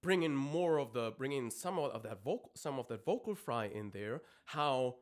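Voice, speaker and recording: A man's voice: mid-range voice, lively intonation, normal speed. A man, a vocal coach, explaining singing technique in a live-streamed lesson, with many ums and restarts as he talks. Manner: explains technique, breaks off to demonstrate screams.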